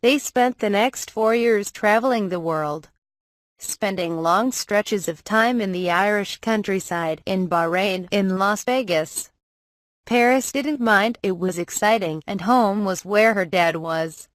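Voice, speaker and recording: A woman's voice: medium pitch, unhurried, dry recording. Woman reading an article, dry sound. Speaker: article reader. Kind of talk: scripted narration of a magazine profile.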